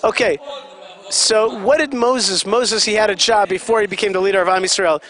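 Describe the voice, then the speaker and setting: A high-voiced man gives chatty live commentary at an event. He keeps explaining what is going on and quizzes his listeners. Vehicle noise can be heard outside behind him. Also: fairly even intonation, moderate pace, a bit bright. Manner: chatty, explaining, asks the audience questions.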